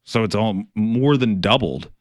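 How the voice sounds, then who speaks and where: A man's voice: on the low side, unhurried, dry recording, clean studio sound. A middle-aged man, a financial advisor hosting a radio show, talking casually with many fillers, restarts and some wry sarcasm.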